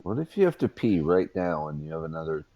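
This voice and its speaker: A man's voice: very deep voice, sing-song, a little fast, background noise. A man teasing his friends on a voice call, laughing through casual banter. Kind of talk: casual chat.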